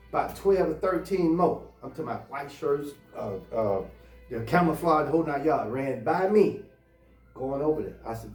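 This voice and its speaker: Man, casual storytelling, blunt and profane, heated, echoey room, faint music behind. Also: a little high. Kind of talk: casual anecdote telling. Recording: roomy, distant mic, faint music.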